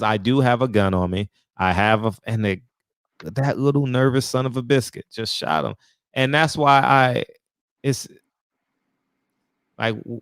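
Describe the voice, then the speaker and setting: A man co-hosting a casual chat, animated and joking, with frequent affirming murmurs. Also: lowish voice, smooth, no room sound.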